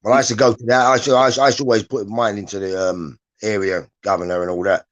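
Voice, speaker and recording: A man talking as a guest in casual chat, emphatic and halting, restarting his sentences often. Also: lowish voice, level tone, muffled recording. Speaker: podcast guest, former prisoner.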